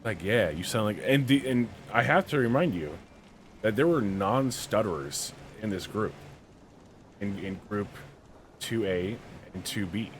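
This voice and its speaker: A man's voice: fairly low pitch, expressive, a little slow, slight background noise. A man co-hosting a podcast, reading a story aloud and breaking off into slangy, joking asides. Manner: reads aloud then riffs with slangy asides. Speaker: podcast co-host. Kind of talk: casual reading and commentary.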